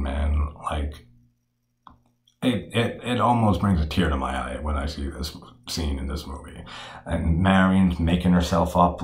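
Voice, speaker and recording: A man's voice: deep voice, reverberant. A man talking casually and frankly about a film, swearing freely and using many fillers. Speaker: horror film reviewer.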